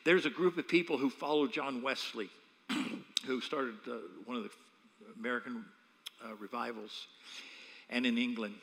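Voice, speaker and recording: A man, a pastor, preaching a sermon with animated, humorous storytelling. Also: medium pitch, normal speed, creaky, long pauses, long reverb tail.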